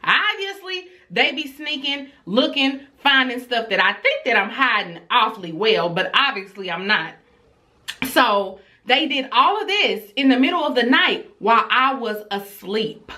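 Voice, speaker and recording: Young woman, vlogger, casual storytelling, bright voice, animated, exasperated. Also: on the high side, unhurried.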